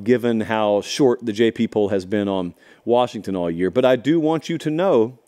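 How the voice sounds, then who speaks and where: Emphatic man breaking down a football game. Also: mid-range voice. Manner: animated, emphatic, sarcastic asides. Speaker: college football show host. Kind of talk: solo sports analysis talk.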